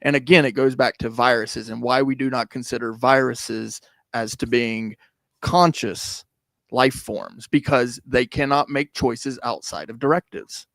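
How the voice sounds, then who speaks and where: A man with a mid-pitched voice in a dry, close recording. He makes his points haltingly in a loose group debate, searching for words and filling the gaps. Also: fairly even intonation, fairly bright tone, no echo.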